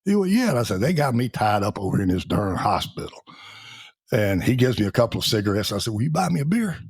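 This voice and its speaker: Husky older man telling stories. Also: on the low side, expressive, quick pace. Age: 70s. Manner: folksy, laughs through his stories, acts out the voices of people in them. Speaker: guest, Navy veteran. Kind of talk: storytelling in a podcast interview.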